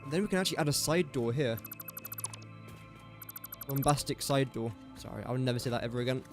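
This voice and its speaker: A man's voice: medium pitch, rapid-fire, faint music behind. A young English man streaming a building game, thinking aloud through factory maths and tossing jokey asides to his chat. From England. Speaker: gaming streamer. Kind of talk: casual live-stream commentary.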